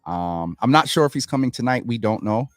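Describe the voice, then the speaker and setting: A man's voice: mid-range voice, brisk, dry recording. Guy hosting his show, voice jumps all over, dry close sound w/ faint music under. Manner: earnest, animated, addresses viewers as y'all. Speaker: host of a community talk show. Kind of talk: casual livestream commentary.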